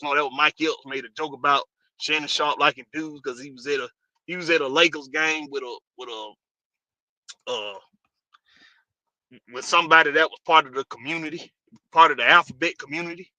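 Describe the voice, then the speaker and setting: Bright-voiced man hosting a stream. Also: a little high, normal speed, no echo, highs cut off. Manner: loose, rambling, greets viewers by name. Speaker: live stream host. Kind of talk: casual live stream talk.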